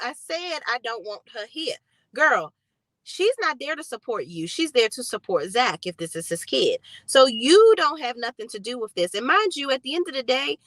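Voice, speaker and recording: A woman's voice: high-pitched, fairly bright tone, no echo. A woman giving casual show recap commentary, blunt, sassy and profane. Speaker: TV recap vlogger.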